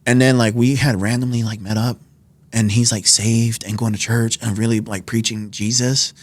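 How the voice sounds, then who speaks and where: Speaking at a moderate pace with a level tone and medium pitch, this twenty-something New Yorker shares personal testimony as a podcast guest. He acts out quoted dialogue, fills his talk with fillers, and the studio sound has no echo.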